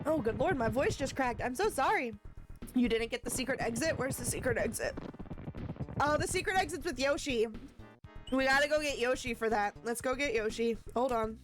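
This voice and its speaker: A woman's voice: high voice, expressive, moderate pace, music in the background. A woman live-streaming a video game, chatting with her viewers and shrieking at close calls. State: tired after work.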